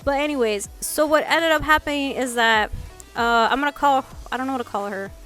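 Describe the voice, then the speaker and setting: A young woman with a high, light voice tells a personal story straight to her viewers. She is animated and casual, leaning on "like" and restarting sentences as she voices the people in her story. Faint music plays behind her. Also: a little fast. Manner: animated, acts out quotes, many "like"s and restarts. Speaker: vlogger. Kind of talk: storytime chat.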